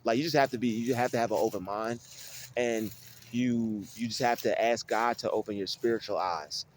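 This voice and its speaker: A man's voice: mid-range voice, normal speed, slight background noise. A man giving an informal spiritual teaching about Bible verses, talking casually with many restarts and repeated phrases. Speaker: spiritual video creator.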